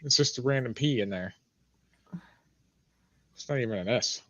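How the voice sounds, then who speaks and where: A woman's voice: rumbling low, normal speed, dry recording, muffled recording. A woman guest on a casual livestream chat, making dry, nitpicking remarks.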